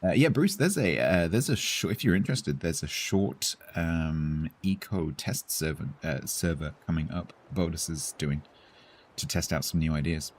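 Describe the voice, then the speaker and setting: An English man with a Received Pronunciation accent tinged with London, chatting casually with his viewers as a streamer and pausing often on fillers. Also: extremely low pitch, animated, a little hiss or hum. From England. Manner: chatty, hesitant, with many fillers and restarts.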